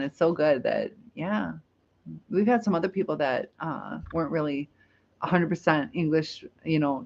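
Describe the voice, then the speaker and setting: A woman from the United States hosting a casual live chat, rambling and laughing as she reads viewer comments. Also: sits low. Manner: chatty, rambling, laughs easily. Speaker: livestream host. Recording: dull lo-fi stream audio.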